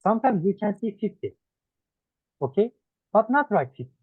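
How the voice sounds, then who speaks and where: A man with a Turkish accent, whose first language is Turkish, teaching English one-on-one and listing words one by one with pauses. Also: high voice, big pitch swings, husky, no echo. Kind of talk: one-on-one lesson. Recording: dry tinny phone-like sound.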